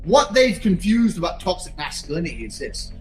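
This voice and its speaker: A man giving a blunt, profane motivational talk in a forceful, lecturing manner. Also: sits high, big pitch swings, brisk, roomy sound, soft background music, low-quality recording. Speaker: motivational speaker.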